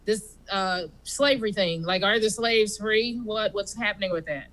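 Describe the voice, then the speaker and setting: Woman doing a brisk, demanding male president. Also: mid-range voice, fairly bright tone, close to an everyday voice, poor audio. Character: impatient male president on the phone.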